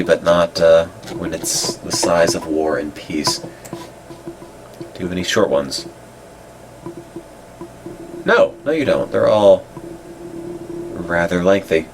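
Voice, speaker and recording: Deep-voiced stuffy-nosed guy, deadpan, slow, reading old websites out loud. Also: noisy background. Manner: dry, deadpan remarks. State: congested. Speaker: web-browsing commentator. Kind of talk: casual commentary while browsing old web pages.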